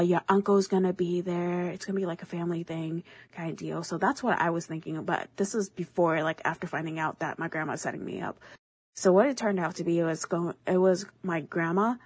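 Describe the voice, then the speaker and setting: Husky-voiced young woman telling a story. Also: fairly low pitch, dry recording. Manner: rambling, animated, quotes others in their own voices. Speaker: podcast co-host. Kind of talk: casual storytelling chat.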